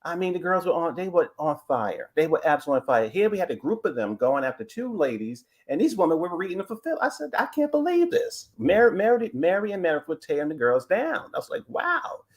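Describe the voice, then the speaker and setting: Animated, gossipy male caller. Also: on the high side, fast talker, few pauses. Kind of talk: casual call-in commentary.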